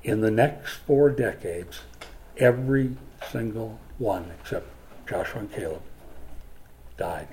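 A man from Minnesota preaching a sermon as a pastor, emphatic and swinging from forceful lines to hushed ones. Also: on the low side, takes it slowly, long pauses, slight background noise. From Minnesota, USA.

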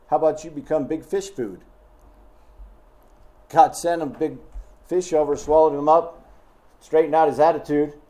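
A man's voice: a little high, warm tone. A man preaching a sermon in an emphatic, scolding way, full of rhetorical questions.

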